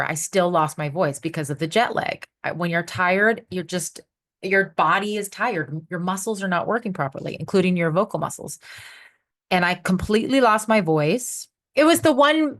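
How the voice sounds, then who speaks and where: Lady with a lower voice chatting on a podcast, telling stories candidly and restarting sentences a lot. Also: normal speed. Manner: candid, animated anecdotes with frequent restarts. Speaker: guest performer. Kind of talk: casual interview storytelling.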